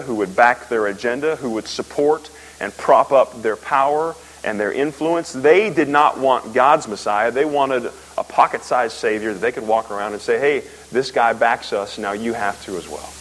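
A man preaching a sermon, emphatic, asking rhetorical questions and swinging from loud peaks to low, quiet lines. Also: rough recording. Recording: faint hiss.

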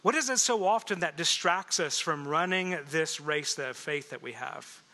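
A man preaching a sermon as pastor, lively, asking the congregation questions and laughing often. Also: fairly high pitch, normal speed. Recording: echoey hall reverb.

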